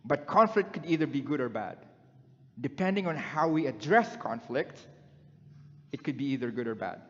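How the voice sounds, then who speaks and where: A man's voice: medium pitch, lively intonation, moderate pace, fairly bright tone. Man preaching in an echoing church hall. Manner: conversational, asks the congregation questions. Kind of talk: sermon. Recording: dull sound in a long-echoing hall.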